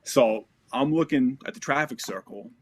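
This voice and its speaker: An American man in his forties sits as a podcast guest, telling a war story in casual, profane language. His voice sits at an ordinary middle pitch, and he tells the story in vivid detail, acting out the back-and-forth of the action. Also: normal speed, slight background noise. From United States. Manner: profane, vivid, re-enacts dialogue.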